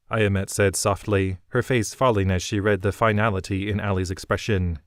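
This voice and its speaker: A man narrating a fantasy novel in an even, measured way. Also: fairly low pitch, no room sound, clean studio sound. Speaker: audiobook narrator.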